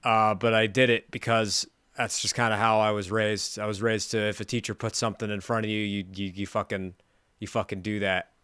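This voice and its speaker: Casting note: relaxed male host, low and smooth voice, dry close mic, casual swearing. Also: a little fast, no room sound. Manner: laid-back, swears casually, stammers a bit. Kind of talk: casual conversational chat.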